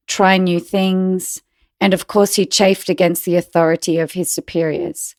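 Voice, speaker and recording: A woman co-hosting a spiritual podcast, telling a personal story in a relaxed way with fillers. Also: on the low side, dry recording, studio quality. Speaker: podcast co-host. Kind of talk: casual conversation.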